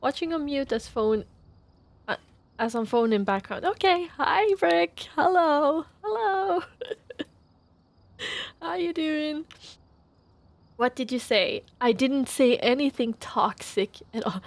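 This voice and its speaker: Woman streamer greeting her chat, playful and giggly, voice a touch high. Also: expressive, slow, long pauses, no echo. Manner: playful, laughs often, greets chatters by name. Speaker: livestreamer. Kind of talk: casual chat with stream viewers.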